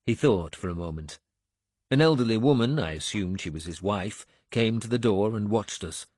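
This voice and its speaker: A man narrating an action audiobook in measured storytelling style, close to a studio microphone. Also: dry recording. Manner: measured storytelling, lively pitch. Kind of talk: scripted narration.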